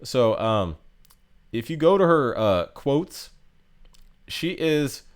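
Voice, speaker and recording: A man's voice: mid-range voice, big pitch swings, slow, clear, resonant tone. A man casually talking through a game character ranking, rambling with many fillers and restarts. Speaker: game guide youtuber.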